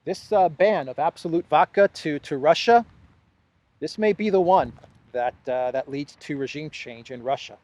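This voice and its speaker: A man's voice: fairly high pitch, normal speed, a little mellow, no echo, dull audio. A man hosting solo political commentary, talking sarcastically with mock enthusiasm and repeated phrases. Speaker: host of a news commentary channel.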